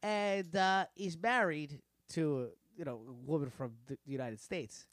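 A man's voice: a little high, unhurried, fairly bright tone, dry recording, clean studio sound. A man co-hosting a trivia podcast in casual chat, rambling and laughing often, trailing off into guesses. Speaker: podcast co-host.

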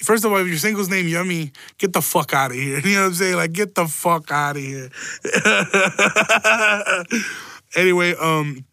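A man's voice: sits high, measured pace, bright, forceful tone, no room sound. A young man, hosting a casual solo rant, rambling and swearing, often breaking into laughter. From Chicago. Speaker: podcast host.

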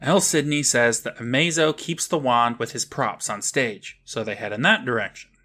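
Bright-voiced man recapping an episode. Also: medium pitch, normal speed. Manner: recaps the plot and pops into voices for quoted lines. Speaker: podcast co-host.

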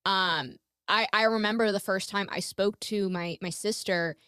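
A woman hosting a podcast in casual conversation, animated and blunt, swearing freely as she talks. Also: mid-range voice, moderate pace, clean tone, dry recording, studio quality. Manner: animated, swears freely, jumps between thoughts. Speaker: podcast host.

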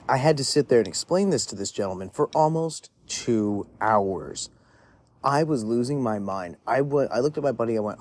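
Husky guy rambling a storytime, says like a lot, cusses casually. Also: mid-range voice, expressive, normal speed, darkish tone. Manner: rambling, lots of "like", frequent swearing. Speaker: podcast storyteller.

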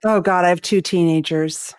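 A woman hosting a conversational interview, candid and personal with quick interjections. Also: fairly low pitch. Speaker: host.

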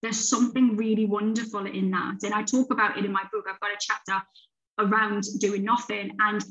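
A middle-aged woman, an author chatting casually as a podcast guest, animated and swearing freely. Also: medium pitch, a little fast. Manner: animated, swearing, talks in quoted self-talk. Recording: slightly dull, lo-fi sound.

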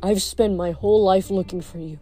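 A woman voicing a young male satyr who pleads in a high, trembling voice. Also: steady tone, brisk, warm tone, no room sound, soft background music, close to an everyday voice. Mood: pleading.

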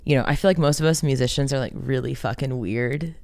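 Candid woman musician interviewee, smooth voice, dry close sound, swears freely. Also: a bass voice, fast talker, a little mellow, no room sound. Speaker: rock band singer being interviewed. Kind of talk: casual interview conversation.

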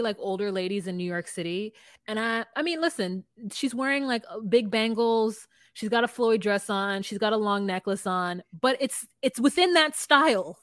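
A woman's voice: medium pitch, fairly bright tone, dry recording, studio quality. A woman co-hosting a podcast in casual chat, opinionated and telling stories. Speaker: podcast co-host.

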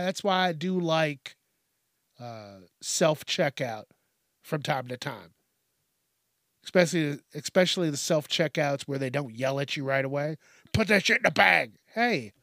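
A man's voice: on the high side, no room sound, studio quality. A man hosting a podcast, delivering a profane comedic rant and laughing at his own jokes. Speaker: podcast host.

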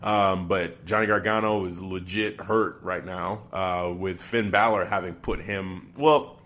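A man with a fairly low voice talks through ideas in a loose, casual chat. He thinks aloud as he goes, trailing off and restarting his sentences before landing his point. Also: steady tone, measured pace, fairly bright tone.

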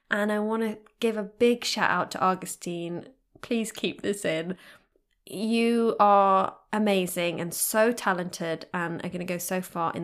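A woman hosts a chatty podcast and gushes through listener reviews. She is bubbly and effusive, and her voice sits at an ordinary middle pitch for a woman. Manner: effusive, bubbly, repeats thanks. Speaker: podcast host. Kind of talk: casual podcast chat, reading listener reviews.

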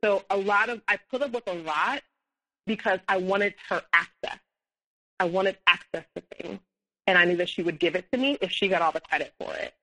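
Bright-voiced woman telling a personal story. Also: medium pitch, a little fast, rough recording. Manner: rambling, many fillers and restarts; acts out quoted dialogue, rising when heated. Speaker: podcast guest.

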